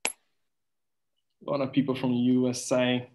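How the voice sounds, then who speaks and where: A man hosts an online webinar at a slow, easy pace, reading out where the audience is joining from. His pitch sits in the middle range. It sounds like a video call. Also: completely flat delivery, low-quality recording. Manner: unhurried, reads out audience chat. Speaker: webinar moderator.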